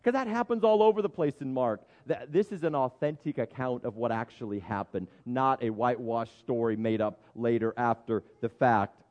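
A pastor preaching in a loose, joking way, his voice warm and mellow at an ordinary pitch. He keeps restarting his sentences as he talks. The recording sounds a little dull and lo-fi. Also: normal speed, hardly any pauses. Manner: conversational and humorous, with restarts. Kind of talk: sermon.

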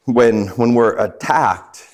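A man with a medium-pitched voice delivers a slow sermon on a psalm. He often stumbles and repeats words, and he puts questions to his listeners.

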